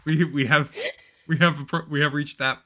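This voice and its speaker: A man's voice: a little high, fairly even intonation, normal speed, pushed and bright. A man co-hosting a casual podcast, teasing his friend with dry, exasperated remarks. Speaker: podcast co-host. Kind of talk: casual chat.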